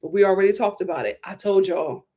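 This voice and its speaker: A woman hosting a casual live review of a reality TV show, animated and incredulous, repeating herself for emphasis. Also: medium pitch, fast. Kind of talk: casual live recap chat.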